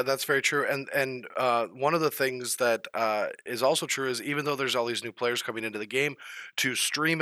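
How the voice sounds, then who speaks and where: Bright rambling man chatting. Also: mid-range voice, no room sound. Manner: rambling, many fillers and restarts. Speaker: podcast co-host, pro card player. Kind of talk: casual panel chat.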